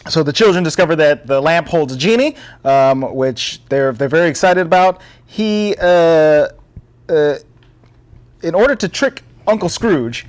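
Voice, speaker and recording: A man co-hosting a casual podcast, recapping a film plot in a loose, rambling way. His voice sits a bit high for a man, and he keeps stopping for ums, restarts and laughs. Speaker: podcast co-host. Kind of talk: casual chat.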